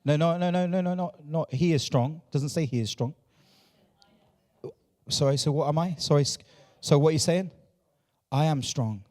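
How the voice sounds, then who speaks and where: High-voiced preaching pastor. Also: male voice, normal speed, pauses often, darkish tone, long reverb tail. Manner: repetitive, call-and-response with the congregation. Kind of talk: sermon. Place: church.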